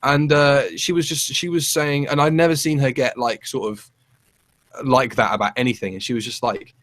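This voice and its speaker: A man's voice: mid-range voice, normal speed. Rambling man chatting. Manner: rambling, animated storytelling with many restarts. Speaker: podcast co-host. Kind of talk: casual chat.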